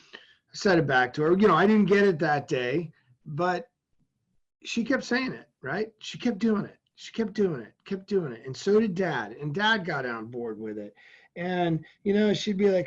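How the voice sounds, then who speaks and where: A man from Massachusetts, a podcast guest telling a personal story in a lively, vivid way. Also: sits high, normal speed. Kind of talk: storytelling in an interview. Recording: dull lo-fi sound.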